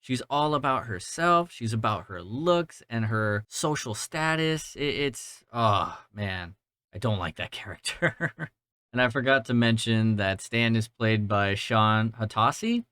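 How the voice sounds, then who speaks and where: A man's voice: mid-range voice, lively intonation, a little slow, fairly bright tone, clean tone, no room sound. A man in his twenties from Georgia, hosting a casual movie-review podcast in a rambling, profane, self-deprecating way. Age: 20s. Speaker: podcast host. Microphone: mounted podcast mic.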